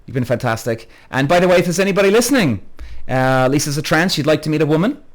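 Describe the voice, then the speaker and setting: Talking quickly in a slightly high, expressive voice, a podcast host streams live to viewers online. He reads out their comments and calls them by name, chatty and rambling, and he swears freely once he gets heated.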